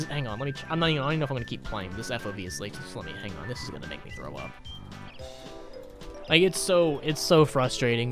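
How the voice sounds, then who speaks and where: Young man, gaming host, profane rambling storyteller, slightly high voice, bright tone. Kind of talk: casual gameplay commentary.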